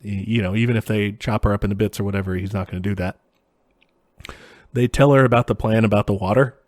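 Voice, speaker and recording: A man's voice: lowish voice, fast talker, no room sound, clean studio sound. A man co-hosting a podcast, casually recapping a film's plot with lots of "uh" and "you know". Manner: relaxed plot recapping with many fillers. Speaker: podcast co-host. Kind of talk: casual film discussion.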